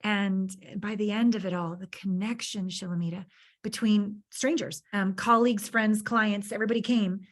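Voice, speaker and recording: A woman's voice: medium pitch, fairly even intonation, normal speed. Earnest woman telling heartfelt stories. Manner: earnest and heartfelt, builds stories with emphatic repetition. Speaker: podcast guest. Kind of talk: conversational interview storytelling.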